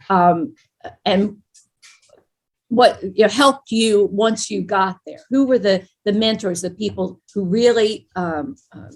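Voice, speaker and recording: An older woman moderating a panel discussion, speaking in a halting way with many fillers. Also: medium pitch. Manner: warm, halting, with many ums and uhs.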